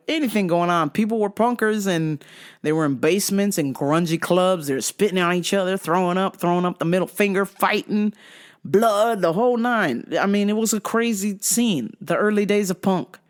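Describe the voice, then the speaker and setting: Profane, animated woman telling stories. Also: lowish voice. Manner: profane, animated, mimics sounds. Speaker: podcast host. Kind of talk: casual storytelling monologue.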